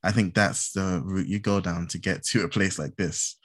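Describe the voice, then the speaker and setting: A man's voice: sits low, fairly even intonation, normal speed, a bit bright, no room sound, clean studio sound. A man co-hosting a podcast on a call, speaking casually and earnestly, often correcting himself as he goes. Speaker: podcast co-host. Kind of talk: casual discussion. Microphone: headphones on a call.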